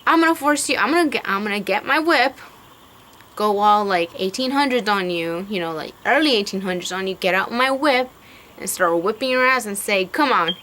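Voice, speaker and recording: A woman's voice: mid-range voice, animated, fairly quick, fairly bright tone. Profane, fired-up young woman ranting. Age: young adult. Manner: heated, profane and swearing; rambling with many fillers. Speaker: vlogger. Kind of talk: ranting to camera.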